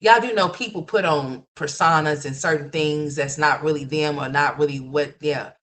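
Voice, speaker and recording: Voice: medium pitch, normal speed, fairly bright tone. A livestream host giving ranting gossip commentary, blunt and profane, repeating points and talking straight to viewers.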